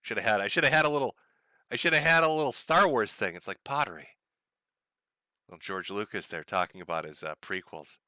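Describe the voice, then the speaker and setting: A man's voice: lowish voice, a little fast, sharp tone, no room sound. A man from the United States hosting a casual livestream, talking in a profane, sardonic way and chuckling often. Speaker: livestream host.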